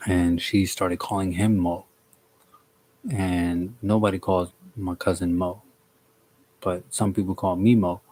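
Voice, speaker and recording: A young man from the DC, Maryland and Virginia area telling a story on a live stream in a relaxed, slangy way, greeting viewers by name. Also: low voice. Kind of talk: casual storytelling on a livestream.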